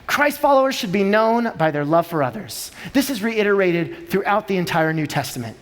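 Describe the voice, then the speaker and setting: High-voiced man preaching in a hall. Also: expressive, normal speed. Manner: emphatic, building rhetorical lists. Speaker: pastor. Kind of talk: sermon. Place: church sanctuary. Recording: long church hall reverb.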